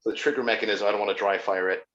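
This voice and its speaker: Ontario guy, bright voice, rambly live stream chat, muffled audio. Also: lowish voice, fairly even intonation, racing. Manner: rambling, enthusiastic. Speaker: podcast co-host.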